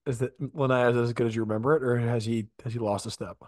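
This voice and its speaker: A man's voice: mid-range voice, steady tone, fast talker, a little mellow, no echo, clean studio sound. A man hosting a podcast, asking easygoing questions. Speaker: podcast host. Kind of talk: casual interview.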